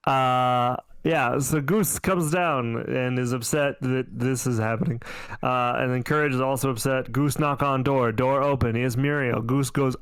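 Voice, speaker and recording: Smooth-voiced man recapping casually. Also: medium pitch, no room sound. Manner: rambling, self-correcting storyteller. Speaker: podcast co-host. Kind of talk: casual chat recapping a cartoon episode.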